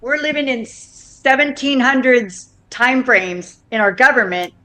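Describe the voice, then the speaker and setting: A woman's voice: high-pitched, fairly even intonation, unhurried, sharp tone. A woman co-hosting a casual podcast chat, rambling, restarting her sentences and making crude jokes. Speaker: podcast co-host.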